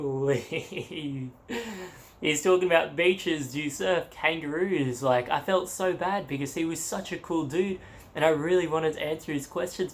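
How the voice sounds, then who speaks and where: A man's voice: medium pitch, a bit bright. A young Australian man, a travel vlogger, telling a story casually and animatedly, laughing and acting out quotes.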